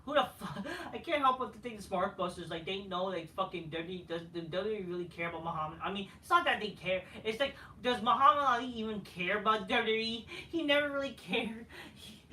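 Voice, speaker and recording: A man's voice: high-pitched, pushed and bright. A man giving a casual ranting review of a wrestling show, profane, dismissive and rambling. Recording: roomy, faint noise, from a distance.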